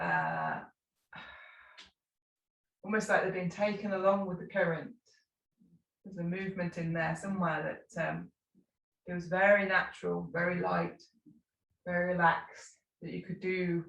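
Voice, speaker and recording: A woman teaching a live tai chi class, calmly cueing slow movements with unhurried asides. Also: fairly low pitch, gravelly. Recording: echoey room, mic at a distance.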